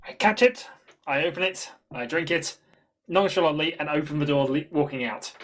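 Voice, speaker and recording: A man playing a tabletop game, calmly declaring his character's actions in a dry, matter-of-fact way. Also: fairly high pitch, moderate pace. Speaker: player. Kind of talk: casual tabletop game play.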